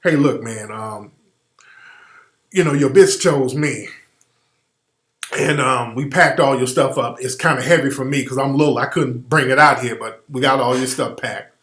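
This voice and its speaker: A man doing a small, smooth-talking ladies' man. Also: normal speed, close to an everyday voice. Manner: calm, low-key, quietly menacing. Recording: roomy studio echo.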